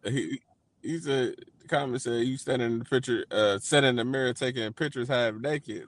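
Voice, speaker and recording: A man co-hosting a casual podcast chat, thinking aloud in a relaxed way. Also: medium pitch, moderate pace. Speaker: podcast co-host.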